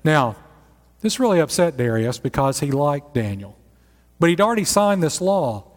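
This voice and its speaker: Animated preacher in his 60s. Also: on the high side, normal speed. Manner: storytelling, animated, conversational. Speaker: pastor. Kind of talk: sermon. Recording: echoey hall.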